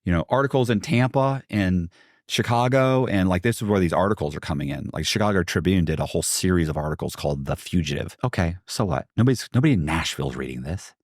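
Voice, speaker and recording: Deep-voiced man telling a story. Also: expressive, fast talker, no echo, clean studio sound. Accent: American. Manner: rambling, many restarts and asides. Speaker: podcast guest. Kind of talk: casual storytelling.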